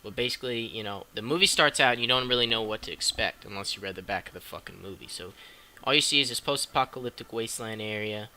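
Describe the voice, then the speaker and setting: A man's voice: lowish voice, fast talker. A young man casually reviewing a film for a vlog, chatty and swearing freely as he talks through the plot. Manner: excitable, profane, chatty. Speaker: movie reviewer.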